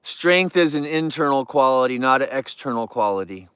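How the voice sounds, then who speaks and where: A man's voice: mid-range voice, lively intonation, moderate pace, a bit bright, smooth, no room sound, studio quality. A man hosting a casual livestream, chatting and joking in a goofy, youthful-sounding voice. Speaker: livestream host.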